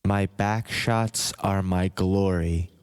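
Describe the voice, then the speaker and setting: A man voicing a boastful, smug older male politician in a parody, with a slow, drawn-out delivery. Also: low voice, steady tone, clear, resonant tone. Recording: long hall reverb.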